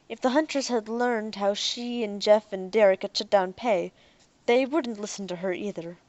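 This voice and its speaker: A woman narrates a science fiction audiobook in a steady, even voice. Her pitch sits in the middle of the range. The recording is close and dry. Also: normal speed, no echo.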